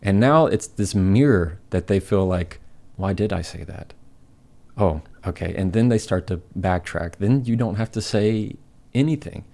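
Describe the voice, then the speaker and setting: Low gravelly man giving advice. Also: unhurried. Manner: steady, acts out example dialogue. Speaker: guest. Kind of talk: conversational advice.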